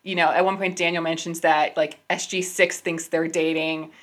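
A woman co-hosting a podcast, talking about a story in a relaxed, agreeable way. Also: low voice, moderate pace. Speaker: podcast co-host. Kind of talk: casual book-club chat.

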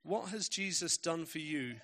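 A man's voice: fairly high pitch, animated, measured pace, fairly bright tone. A man preaching a sermon, telling stories with emphatic, varied pacing.

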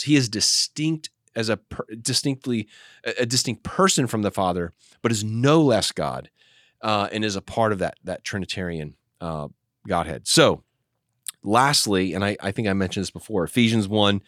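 Pastor, male, low voice, dry close mic, earnest teaching tone with frequent restarts. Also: moderate pace, no room sound. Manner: explanatory, animated, with frequent restarts. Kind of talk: teaching discussion.

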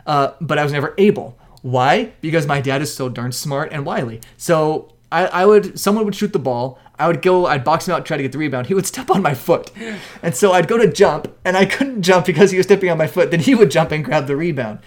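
A man co-hosting a casual chat, telling animated stories and acting out quotes with loud shouts. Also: fairly high pitch, brisk. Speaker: podcast co-host.

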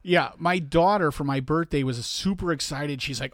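A man's voice: fairly high pitch, a little fast, hardly any pauses, dry recording, studio quality. A man co-hosting a casual podcast chat. He tells stories with swearing and acts out what other people said. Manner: animated, profane storyteller who acts out other people's lines. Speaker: podcast co-host.

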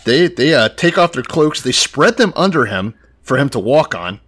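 A man's voice: medium pitch, moderate pace, husky. A man in casual chat, retelling Bible stories with profanity and acting out the characters' lines. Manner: animated, acts out quoted characters with profanity. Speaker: podcast co-host.

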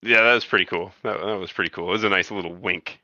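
A man with a fairly low, very bright voice talks through a casual film discussion, opinionated and often tripping over his words. The recording is dry and dull, with a lo-fi edge. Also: fast talker, dry recording. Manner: hesitant, repeats words, opinionated. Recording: dull lo-fi sound.

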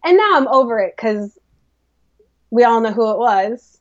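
High-voiced Midwestern woman, animated chat. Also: highs cut off. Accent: Midwestern American. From American Midwest. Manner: animated, self-mocking, quick asides. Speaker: podcast co-host. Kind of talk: casual chat.

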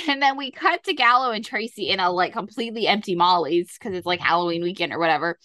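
A woman's voice: medium pitch, quick pace, bright, forceful tone, no room sound, studio quality. A young woman co-hosting a podcast, recapping a TV episode in a chatty, casual way, acting out quotes. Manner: chatty, acts out quotes, lots of "like". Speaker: podcast co-host.

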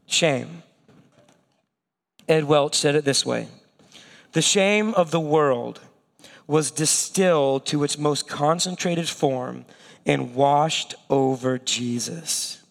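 High-voiced male preacher in a reverberant hall. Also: vocal fry. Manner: animated storytelling, acting out quoted voices; drops to a slow, hushed tone for weighty points. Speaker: pastor. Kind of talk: sermon.

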